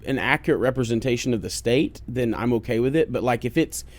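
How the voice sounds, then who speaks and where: On a studio podcast mic with a dry sound, this male co-host talks fast in a mid-range voice. His banter is loose and rambling, packed with jokes and swearing.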